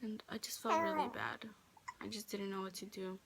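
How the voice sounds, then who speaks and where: A woman's voice: mid-range voice, expressive, moderate pace, gravelly, fairly bright tone, slight background noise. A teenage girl telling a personal story in a casual vlog, chatty and full of "like", quoting others in her own voice. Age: teens. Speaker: vlogger. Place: friend's bedroom.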